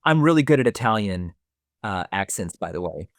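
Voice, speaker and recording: Lively enthusiastic man, dry sound. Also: fairly low pitch, normal speed, dry recording. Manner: enthusiastic, jokey, reads out listener questions. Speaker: podcast co-host. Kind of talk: casual chat.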